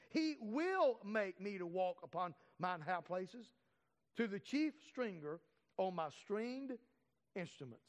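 A man with a high-pitched voice delivers a sermon, leaning into words and drawing them out for emphasis. A long reverb from a large hall trails his voice.

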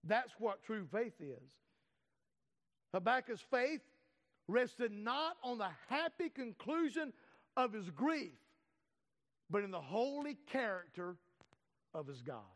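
A man's voice: high-pitched, sing-song, slow, pauses often, a bit bright. A man preaching a sermon, stressing and drawing out key words for emphasis. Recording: long reverb of a large hall.

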